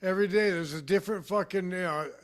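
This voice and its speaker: Male guest, somewhat high voice, crude and teasing. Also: fast talker, dry recording, studio quality. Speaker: stream guest. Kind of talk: casual live-stream chat.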